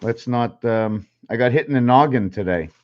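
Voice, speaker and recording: A man hosting his own channel, musing in a halting way, counting and spelling things aloud while drawing, a little out of breath. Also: mid-range voice. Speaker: channel host. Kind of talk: rambling numerology talk while drawing. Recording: slightly dull lo-fi recording.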